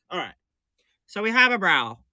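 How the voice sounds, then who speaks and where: A drag performer gives a campy, chatty makeup tutorial on a livestream, gushing, repeating himself and calling viewers honey and baby. His high voice swings widely in pitch, sounding pushed and bright at a normal speed. The recording is dry and studio quality.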